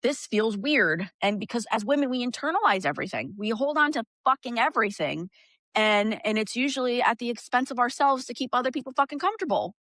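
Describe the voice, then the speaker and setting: A woman's voice: on the high side, fast, no room sound. Candid, swearing woman, dry sound. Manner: candid, profane, lively storytelling. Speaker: guest, energy practitioner. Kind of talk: casual podcast conversation.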